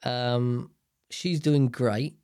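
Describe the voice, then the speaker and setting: A man's voice: medium pitch, steady tone, drawn-out words, darkish tone, dry recording, studio quality. A young man talking alone in a casual, rambling monologue, swearing often and breaking off his own sentences. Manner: rambling, swears a lot, self-interrupting. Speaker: solo podcaster.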